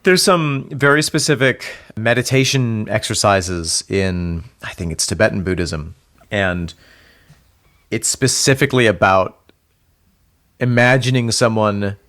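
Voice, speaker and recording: A man's voice: on the low side, unhurried, a bit bright. A man co-hosting a podcast, explaining ideas thoughtfully in casual chat. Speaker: podcast co-host.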